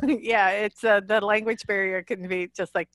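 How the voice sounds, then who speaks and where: A woman's voice: medium pitch, fairly even intonation, normal speed, fairly bright tone, dry recording, studio quality. A woman from the northern US Midwest with a Midwestern accent, a romance author chatting as a guest and laughing often. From US Midwest, Illinois. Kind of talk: casual interview chat.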